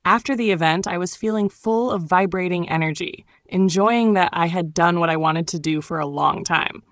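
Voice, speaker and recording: A woman from Turkey, narrating her own memoir audiobook in a calm, reflective storytelling manner. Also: lowish voice, normal speed, no room sound, studio quality.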